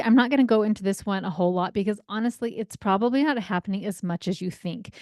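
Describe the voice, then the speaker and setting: A woman's voice: mid-range voice, dry recording, clean studio sound. A woman in her thirties hosting a parenting podcast, talking energetically and casually as a coach. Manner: energetic, chatty, acts out quoted voices. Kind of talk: solo podcast teaching.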